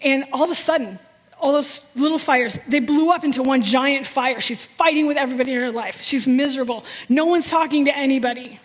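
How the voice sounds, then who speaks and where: A woman's voice: sits high, a little fast, big-room sound. A woman giving a sermon, telling a personal story in an earnest, heartfelt way. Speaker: guest preacher. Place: church sanctuary.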